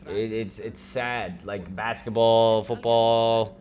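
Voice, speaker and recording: A young man hosting a stream, chatting loudly and joking in a rambling, casual way at a desk mic. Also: lowish voice, steady tone, slow. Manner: loud, joking, rambling banter. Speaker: streamer host. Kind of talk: casual chat.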